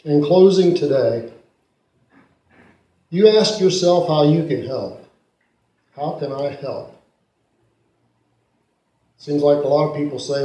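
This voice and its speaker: A man preaching a sermon and telling stories, dramatically swinging from loud peaks to hushed asides. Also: fairly high pitch, slow pace, pauses often. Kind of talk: sermon storytelling. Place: church sanctuary. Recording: echoey church room.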